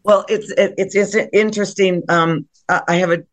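Halting, enthusiastic stage actress. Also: female voice, mid-range voice, steady tone. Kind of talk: interview answers.

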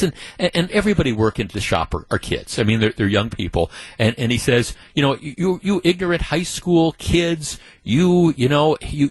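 A man's voice: mid-range voice, no echo, low-quality recording. A man hosting a talk radio show, telling a news story and taking calls in a conversational way, often repeating words as he thinks aloud.

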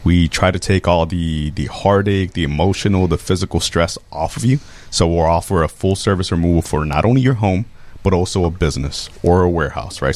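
A man guest on a radio show, explaining his company's services in an easygoing, friendly way. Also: a little mellow. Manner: easygoing, friendly sales pitch. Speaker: business guest. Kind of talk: promotional explanation. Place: radio studio.

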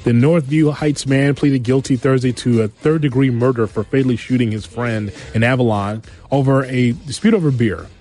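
A man hosting a sports radio show, reading news items and adding quick wisecracks. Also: mid-range voice, darkish tone. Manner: wisecracking, quick asides after each story.

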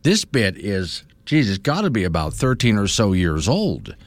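A man's voice: on the low side, wildly swooping pitch, moderate pace, dry recording. A middle-aged man hosting a morning radio show, rambling and self-amused. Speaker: radio host.

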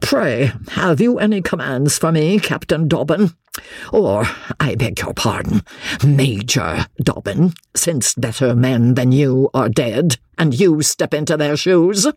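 A man's voice: a little high, wildly swooping pitch, slow pace, hardly any pauses, dry recording, studio quality, pitched above the performer's own voice, heavily acted. A man voicing a proud, bitter old merchant father who speaks with harsh sarcasm. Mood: scornful.

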